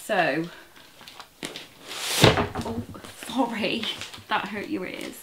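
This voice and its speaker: A woman chatting excitedly in a casual vlog, gushing as she unboxes a parcel, a little away from the camera. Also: medium pitch, a little slow, roomy sound, very noisy. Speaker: crochet vlogger. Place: indoor room at a table. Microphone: camera set back from her.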